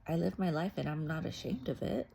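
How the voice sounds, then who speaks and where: A woman's voice: fairly low pitch, lively intonation, brisk, vocal fry, warm tone, a little hiss or hum. A woman talking in a casual, confessional vlog, rambling candidly with lots of "like" and "you know" and laughing easily. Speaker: faith and mental health vlogger.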